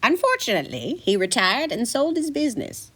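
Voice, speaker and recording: Brief: fussy man wizard, exasperated and lively, for an audio story, voiced by a woman. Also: fairly high pitch, fairly quick, breathy edge, voice pushed up, full character voice. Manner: exasperated scolding.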